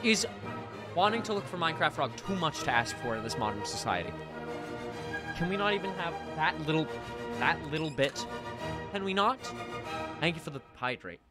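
Man, young adult, live streamer, slightly high voice, very lively pitch, melodramatic mock outrage, loud music behind. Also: moderate pace, pauses often. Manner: melodramatic mock outrage, swinging between loud rants and muttering. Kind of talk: live game stream commentary.

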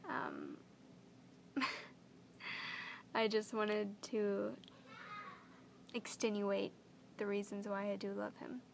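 A young woman vlogging to camera, gushing and emotional as she repeats her words, with a creaky voice. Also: mid-range voice, little pitch movement, takes it slowly, long pauses, a little hiss or hum. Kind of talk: earnest direct-to-camera vlog.

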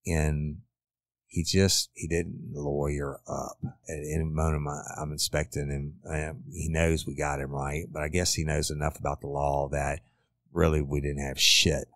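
A man's voice: a bass voice, flat delivery, measured pace, a bit bright, no room sound. A middle-aged man, a former detective, bluntly retelling a crime case in a casual, profane way. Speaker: former detective, podcast host. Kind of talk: true crime storytelling.

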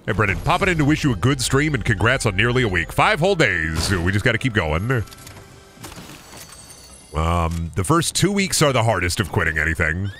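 A man's voice: fairly low pitch, big pitch swings, normal speed, fairly bright tone, slight background noise. A man streaming a video game, chatting casually with viewers and thanking subscribers, often repeating silly made-up phrases in a sing-song way.

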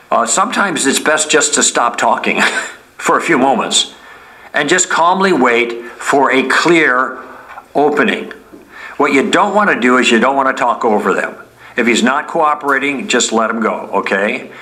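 Bright-voiced man teaching casually. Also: medium pitch, rough recording. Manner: conversational, often checks in with "okay?"; acts out sample lines in friendly tone. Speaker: Bible teacher. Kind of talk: teaching talk.

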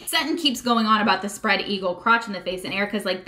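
Young woman, bright voice, casual gossipy recap, filler-heavy chat, close mic. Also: mid-range voice, quick pace, hardly any pauses. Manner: gossipy, animated, many "like" and "um" fillers. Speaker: reality TV recap vlogger.

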